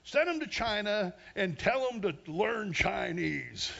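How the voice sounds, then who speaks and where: A man from Western Pennsylvania preaching an energetic sermon. He is emphatic, calls out for amens and laughs at himself. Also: high-pitched, slow, gravelly, highs cut off. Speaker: pastor.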